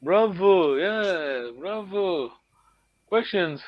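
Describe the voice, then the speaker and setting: A man's voice: sits high, expressive, extremely slow, no echo, lo-fi sound. A man teaching a language class online, correcting students patiently and encouraging them.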